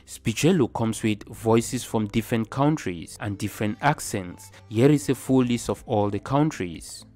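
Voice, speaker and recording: A male narrator reads a scripted video in a plain, even way, a little low in pitch. Faint music runs beneath him. He moves steadily from point to point. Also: a little slow. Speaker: channel narrator. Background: faint background music.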